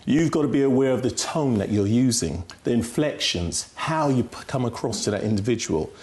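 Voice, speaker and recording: A man's voice: medium pitch, animated, a little fast, a little mellow. A man explaining communication skills as a guest on a talk show, emphatic and instructive, often checking in with "right?". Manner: instructive, emphatic, frequent "right?" tag questions.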